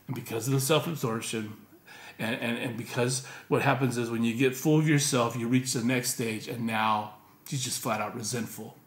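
A male pastor preaching a sermon in an animated, conversational way, with rhetorical questions to the congregation. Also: medium pitch, normal speed. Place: church. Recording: echoey church room.

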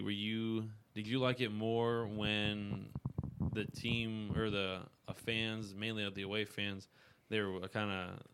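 A man hosting a casual interview, asking relaxed, rambling questions full of fillers. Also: fairly low pitch, smooth.

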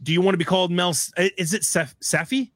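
A man's voice: sits high, fast talker, fairly bright tone, a little hiss or hum. A man hosting a casual live-stream chat, easygoing, reading out viewer comments. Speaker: host.

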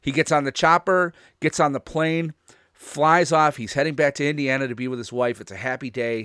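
A man's voice: on the high side, steady tone, brisk, fairly bright tone, smooth, dry recording, clean studio sound. A man hosting a casual podcast, talking in a rambling way and restarting his sentences often. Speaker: podcast host.

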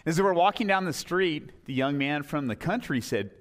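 A man preaching a sermon with a lively, swooping delivery, his voice rising and falling widely. He sits a touch above the usual male pitch and tells stories with animated energy. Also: normal speed. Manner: animated storytelling, acts out quoted voices. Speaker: pastor.

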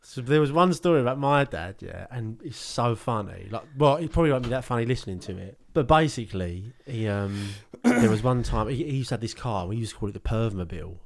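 A man's voice: medium pitch, expressive, a little fast, vocal fry, hardly any pauses. A young man from England, a podcast co-host telling rambling stories in casual chat. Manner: rambling storytelling with frequent laughs.

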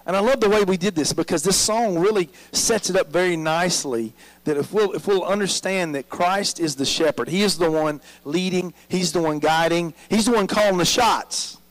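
A man's voice: high voice, moderate pace, rough recording. A man preaching a sermon as pastor, drawing the congregation in with frequent "amen?" prompts.

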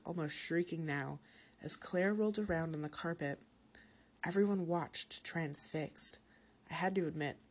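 A woman with a notably low voice reads a horror story aloud, calm and steady. Her narration is measured and even as she carries the listener through the tale.

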